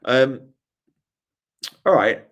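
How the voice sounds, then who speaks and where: A young man hosting a live stream Q&A, reading chat questions aloud in a jokey, casual way, his voice hoarse after a night out. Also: medium pitch, expressive, drawn-out words, muffled recording. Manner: reads chat questions aloud, jokey, tries silly regional accents. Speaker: host.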